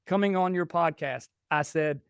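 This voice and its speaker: A man's voice: on the high side, normal speed, smooth, no echo, studio quality. A man in his forties, a podcast guest, telling family stories casually and acting out what was said back and forth. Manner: chatty, restarts and quotes himself. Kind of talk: casual storytelling.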